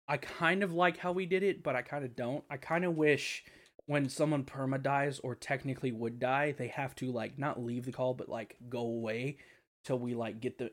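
A young man hosts a laid-back podcast chat in a medium-pitched voice. He rambles, swears freely and leans on fillers as he talks. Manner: rambling and profane, with frequent fillers and laughter. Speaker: podcast host.

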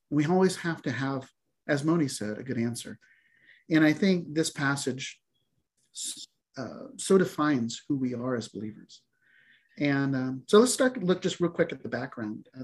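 A middle-aged man preaching a sermon as a pastor, in a relaxed, conversational way with fillers and small laughs. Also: mid-range voice, slightly rough.

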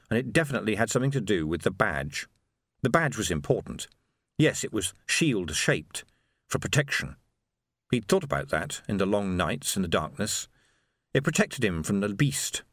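Expressive male audiobook narrator. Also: lowish voice, no room sound, clean studio sound. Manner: expressive, animated storytelling. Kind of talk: scripted narration.

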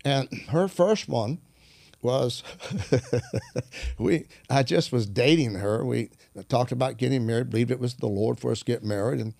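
Guy preaching and telling stories, gravelly voice, dry close sound. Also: medium pitch, a little slow, dry recording. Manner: animated storyteller who acts out quoted voices and clears his throat often. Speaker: minister. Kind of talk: storytelling preaching conversation.

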